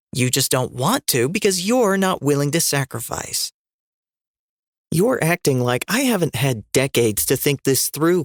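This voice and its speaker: A man's voice: mid-range voice, no room sound, clean studio sound. A man voicing a defiant, fierce woman rebel leader in an audiobook reading, cutting and sarcastic in tone.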